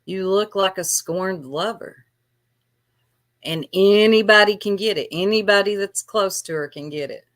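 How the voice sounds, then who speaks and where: A woman's voice: medium pitch, unhurried, fairly bright tone. A woman vlogger ranting on a livestream in a taunting, sarcastic way. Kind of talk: livestream rant.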